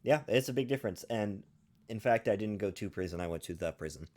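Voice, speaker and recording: Male podcast co-host, slightly low voice, dry deadpan humor, casual banter over a call. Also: fast talker. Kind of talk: casual chat. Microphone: remote call mic.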